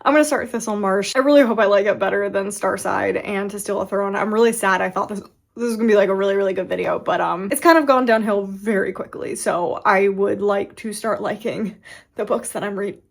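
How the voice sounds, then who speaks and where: A woman's voice: mid-range voice, a little fast, gravelly. A woman in her thirties chatting casually in a vlog about books she has read, rambling and often restarting her sentences while fighting off hiccups. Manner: rambling, self-interrupting, with frequent restarts. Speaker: book vlogger.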